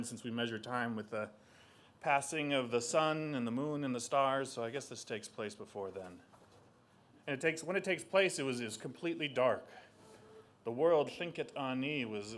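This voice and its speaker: A young man from southeast Alaska telling a traditional legend aloud, animated, with spoken sound effects. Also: mid-range voice. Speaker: storyteller and artist. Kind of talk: oral storytelling.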